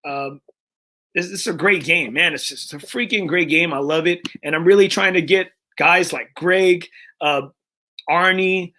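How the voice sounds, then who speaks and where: A man's voice: on the high side, a little slow, bright, forceful tone. Emotional, earnest man hosting a podcast. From Texas. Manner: earnest and emotional, with frequent restarts and fillers. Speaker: podcast host. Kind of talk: casual podcast chat.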